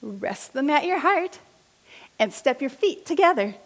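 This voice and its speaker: High, lively woman guiding kids' yoga. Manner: slow, encouraging step-by-step instructions. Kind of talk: guided kids' yoga with story reading. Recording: long hall reverb.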